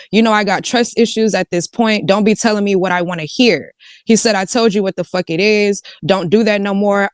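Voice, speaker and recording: A woman's voice: on the low side, no room sound, studio quality. A woman live streamer casually reading out text messages, slangy and candid.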